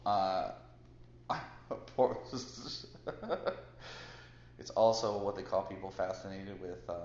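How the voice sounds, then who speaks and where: A man co-hosting a podcast, telling a long story in casual chat, halting and full of restarts. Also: deep voice, darkish tone. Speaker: podcast co-host. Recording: roomy, dull lo-fi sound with faint hiss.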